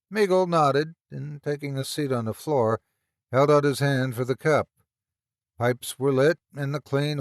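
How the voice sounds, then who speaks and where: A man narrating a classic horror story in an expressive, dramatic storytelling manner. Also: mid-range voice, vocal fry, dry recording, clean studio sound.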